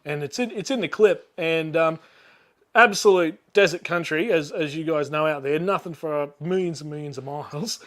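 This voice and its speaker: Australian man, middle-aged, high voice, rambling casual story, fillers and laughs, video call. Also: moderate pace, a bit bright. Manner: rambling, laughs often, lots of fillers and restarts. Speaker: YouTuber guest.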